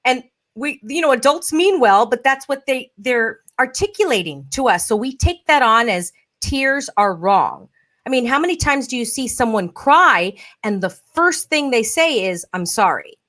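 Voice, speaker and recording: A woman hosting a live podcast, talking in a loose, animated way. Her voice sits a little high, and she slips into playful quoted voices as she makes her points. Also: moderate pace. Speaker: podcast host. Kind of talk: casual podcast conversation.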